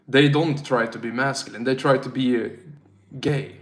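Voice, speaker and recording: A man's voice: mid-range voice, steady tone, moderate pace, a bit bright, roomy sound. A tipsy man from Sweden with a Swedish accent, chatting casually on a livestream and reading out chat in a rambling, slangy, self-mocking way.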